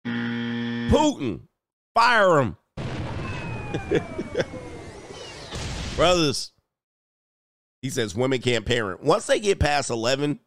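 A man's voice: mid-range voice, a little hiss or hum. A man hosting a reaction commentary channel, blunt and mocking, repeating phrases for emphasis. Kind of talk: reaction commentary on a video clip.

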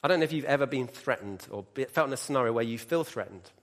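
A man's voice: mid-range voice, lively intonation, fast. A middle-aged man preaching a sermon, mixing scripture with humorous personal stories and asides to the congregation.

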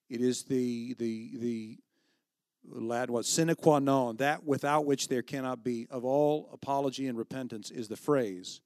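A man's voice: mid-range voice, a little mellow, no echo. Middle-aged man preaching conversationally, dry sound. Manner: conversational, with many restarts and quoted asides. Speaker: pastor. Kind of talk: sermon.

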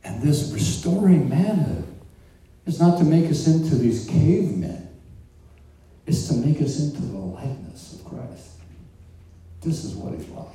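A man preaching a sermon, animated and conversational, asking the congregation questions and joking along the way. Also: on the high side, measured pace, pauses often. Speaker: pastor. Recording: roomy echo, distant mic.

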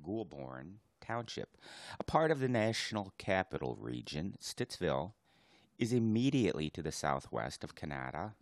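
A man co-hosting a casual podcast, cracking quick jokes and reading facts aloud. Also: deep voice, big pitch swings, no room sound, studio quality. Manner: joking, quick quips, reads facts aloud. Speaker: podcast co-host. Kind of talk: casual chat.

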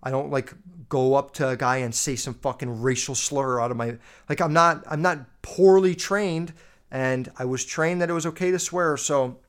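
A man's voice: mid-range voice, normal speed, clean tone. A man in his twenties hosting a solo podcast, ranting bluntly with heavy swearing and lots of fillers. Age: 20s. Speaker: podcast host. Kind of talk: casual solo podcast rant.

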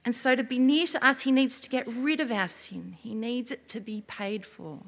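A woman giving an expressive children's sermon as a preacher, often asking her listeners questions. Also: a little high, normal speed, gravelly, big-room sound.

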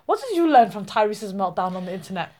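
A woman's voice: medium pitch, big pitch swings, fast, warm tone. A young woman co-hosting a casual chat podcast, chatty, with many fillers and frequent laughs. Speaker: podcast co-host.

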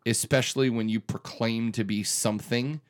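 A man's voice: mid-range voice, fairly even intonation, moderate pace. A man in his thirties who hosts a radio morning show, speaking in an earnest, emphatic way with frequent restarts during a conversational interview.

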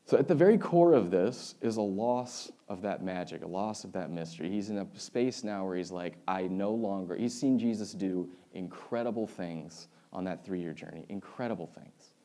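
A man's voice: low-pitched, lively intonation, moderate pace, hardly any pauses, dark tone. A man giving a sermon in a conversational, storytelling way, with wry asides and humor. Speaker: preacher.

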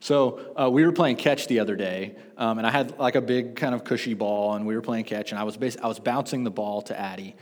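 A man in his thirties preaching a sermon, telling stories with lively self-deprecating asides. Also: fairly low pitch, fairly quick, few pauses. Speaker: pastor. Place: church sanctuary. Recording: long reverb of a church hall.

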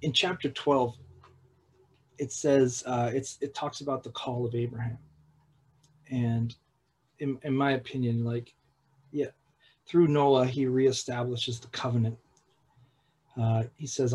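A man preaching a sermon in a halting way, with repeated words and restarts, at times dropping to a hushed, slow voice for emphasis. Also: mid-range voice, fairly even intonation, husky, poor audio. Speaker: pastor.

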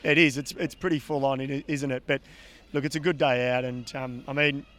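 An Australian man, a former pro rider, co-hosting a cycling podcast in a relaxed, chatty way that often repeats words as he thinks. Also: mid-range voice, fairly quick. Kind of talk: casual podcast chat.

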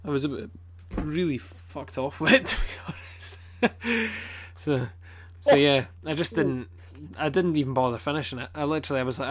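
A man's voice: fairly high pitch, animated, moderate pace. Scottish guy rambling on a podcast, swears a lot, blunt, lots of ums. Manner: rambling, sweary, blunt complaints with many fillers. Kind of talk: casual chat.

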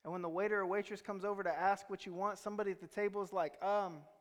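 A man's voice: sits high, little pitch movement, rapid-fire. A man preaching a sermon, telling stories in a conversational way and quizzing the congregation. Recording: reverberant hall.

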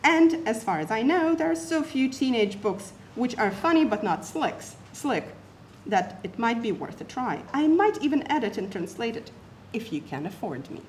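Animated woman reading a paper aloud. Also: a little high, normal speed, a little hiss or hum. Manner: animated, sets off quotations with emphasis and asides. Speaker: academic presenter.

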